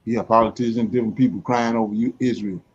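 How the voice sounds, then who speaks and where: A man's voice: fairly low pitch, fairly even intonation, fast talker, lo-fi sound, a little hiss or hum. A man making emphatic, informal points in a casual group discussion of Bible study. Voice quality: informal, emphatic, vernacular speech.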